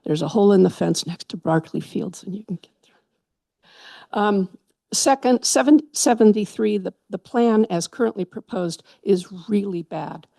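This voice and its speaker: A woman with a gravelly, creaky voice gives passionate public comment at a council meeting. She rambles with enthusiasm, and the sound is dry and close. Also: medium pitch, unhurried, mellow, dry recording. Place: town council chamber.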